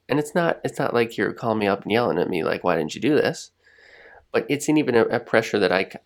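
A man co-hosting a podcast, talking in a reflective, rambling way with frequent restarts and soft laughs. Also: fairly low pitch, creaky. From United States. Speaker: podcast co-host. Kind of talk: reflective casual chat.

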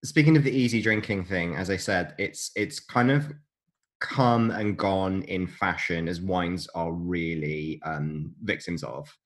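A man's voice: deep voice, measured pace. A man co-hosting a casual chat, explaining things in a chatty, jokey way and laughing often. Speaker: podcast co-host.

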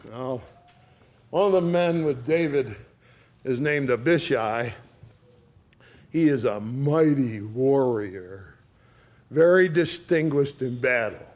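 A man preaching a sermon in an earnest way, speaking to his listeners as friends. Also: a little high.

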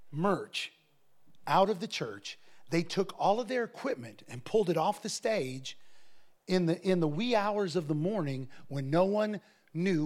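A middle-aged man preaching a sermon as pastor, animated, acting out conversations from his stories. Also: high-pitched.

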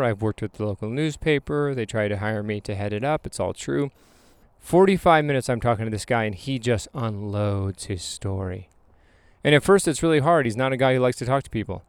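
A man around thirty spins a motivational story with emphatic, animated delivery and dramatic pauses. His voice is smooth and resonant, recorded dry and close. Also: on the low side, no room sound. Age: late 20s to 30s. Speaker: photographer and hypnotherapist.

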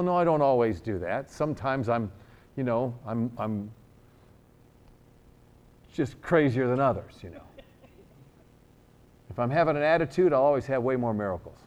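A middle-aged man from New York preaching a sermon, telling a healing story with jokes and acting out both sides of the dialogue. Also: mid-range voice. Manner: animated, joking, acts out dialogue.

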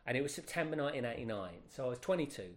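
A man in his fifties recounts his past as an interview guest, in a mid-pitched, ordinary voice. His delivery is chatty and rambling, full of restarts and self-corrections, and it rises in pitch when he gets excited. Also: very fast. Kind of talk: casual interview storytelling.

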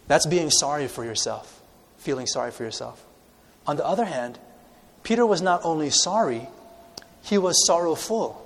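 Emphatic male pastor in a reverberant hall. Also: on the high side. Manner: emphatic, swinging between loud proclamations and hushed asides. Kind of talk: sermon. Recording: long reverb of a large hall.

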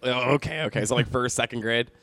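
A man's voice: mid-range voice, fast talker, no room sound. A man in his thirties, a bit tipsy, telling rambling, profane stories in a casual chat. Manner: rambling, profane, animated storytelling. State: tipsy from drinking.

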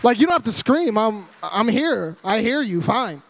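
Loud guy in his 30s preaching, high voice, cracking jokes at the church. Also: normal speed, gravelly. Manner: loud and animated, joking with the congregation. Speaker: guest preacher. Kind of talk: humorous sermon.

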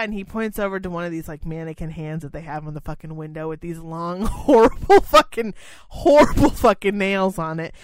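A woman's voice: on the low side, animated, fairly quick, dry recording. A woman co-hosting a casual podcast chat, telling a long story in a rambling, profane way. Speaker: podcast co-host.

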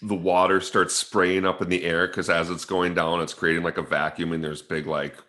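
A man's voice: sits low, level tone, normal speed, bright, forceful tone. A man chatting casually with a friend, animatedly retelling a video game session and acting out both sides of the story.

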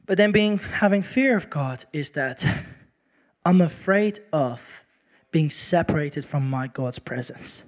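A man preaching a sermon, telling a personal story with animated acted-out quotes. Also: high voice, unhurried, long pauses.

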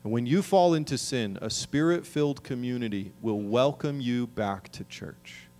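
Male pastor, middle-aged, earnest sermon delivery with emphatic peaks, mid-pitched voice. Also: normal speed, warm tone. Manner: earnest preaching, rising to emphatic calls.

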